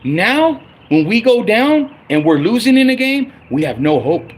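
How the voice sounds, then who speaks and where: A man ranting on a livestream about his football team, profane and heated, swinging between loud outbursts and low grumbling. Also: big pitch swings, measured pace. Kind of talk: angry unscripted livestream rant.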